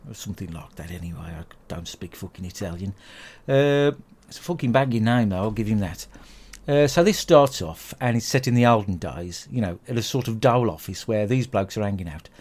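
Sweary British man ranting, lowish voice. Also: brisk, a little mellow. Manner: crude, sweary, grumbling rant. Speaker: podcast host. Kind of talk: comic film review monologue.

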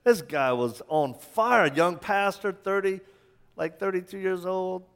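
A man preaching a sermon in a church, impassioned, firing rhetorical questions and stumbling over quick restarts. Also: high-pitched, fairly bright tone. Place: church sanctuary. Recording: long church hall reverb.

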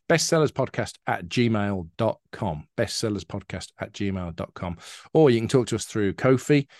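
A chatty man co-hosts a book podcast in a relaxed, conversational way. His voice sits low, and the sound is dry and close to the mic. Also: no echo. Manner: chatty, reads jokes aloud with acted voices. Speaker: podcast co-host. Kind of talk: casual chat.

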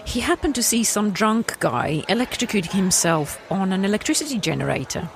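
A woman's voice: medium pitch, very animated, a little fast. Female co-host, dry teasing, lots of ums, faint hiss in the background. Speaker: podcast co-host. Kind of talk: casual chat.

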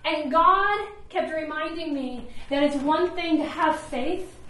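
A woman preaching a sermon to a gathered room, animated and conversational, often acting out quotes in other voices. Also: high voice, slow pace, heavy reverb, far from the mic, rough recording. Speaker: ministry leader preaching.

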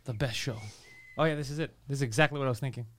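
A man's voice: mid-range voice, very fast. A man with a Quebec accent, co-hosting a casual comedy podcast, telling stories with lots of swearing and acted-out quotes. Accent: Canadian (Quebec). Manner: animated storytelling, acts out quotes, swears a lot. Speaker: podcast co-host. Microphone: studio headphones and mic.

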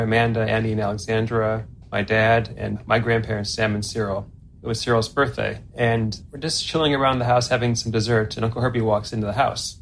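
A man's voice: mid-range voice, slight background noise. Man telling a family story at home. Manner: relaxed, chatty retelling. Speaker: interviewee, family member. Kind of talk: casual storytelling.

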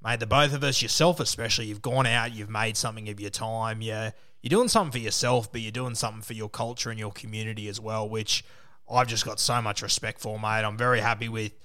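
A man's voice: fairly low pitch, steady tone, fast talker, bright, forceful tone. An Australian man hosting a casual podcast interview, friendly and encouraging, full of local sayings. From South Sydney, Australia. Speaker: podcast host.

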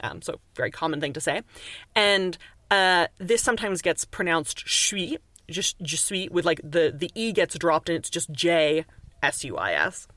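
A woman's voice: on the low side, lively intonation, moderate pace, a bit bright, no echo. A woman from Canada talks through language as a guest on a podcast interview. She is chatty and explanatory, with plenty of fillers and restarts. The sound is dry and close to the mic. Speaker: author and linguist guest.

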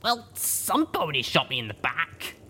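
A man's voice: a little high, huge pitch swings, normal speed, bright, forceful tone, slight background noise, voice pushed up, exaggerated voice. A man voicing a tough, sarcastic young female unicorn in an audiobook, with a dry, wry way of complaining. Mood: grumbling. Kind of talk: audiobook character voice.

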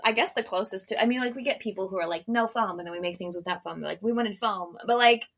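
A young woman co-hosts a relaxed podcast conversation. She tells a story with lots of energy and leaps into high, exaggerated voices when she imitates other people. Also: racing, creaky. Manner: animated storyteller, acts out customers with big pitch jumps. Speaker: podcast co-host. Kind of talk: casual podcast chat.

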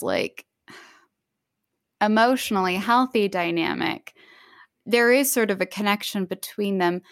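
A woman's voice: mid-range voice, a bit bright, no room sound. Enthusiastic woman co-host, dry sound. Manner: enthusiastic, acts out quoted lines. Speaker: podcast co-host. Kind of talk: casual book discussion.

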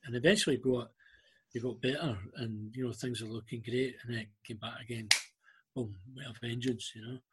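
A Scottish man with a husky, slightly breathy voice speaks at an ordinary middle pitch. He tells personal stories in an unhurried way, often stopping on ums and starting sentences over. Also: steady tone. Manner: halting, with frequent ums and restarts. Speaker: interview guest. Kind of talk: emotional storytelling interview.

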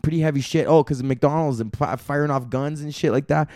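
A man's voice: on the high side, steady tone, brisk, darkish tone, dry recording, clean studio sound. A man hosting a solo comedy podcast, ranting profanely and rambling with laughs along the way. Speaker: podcast host.

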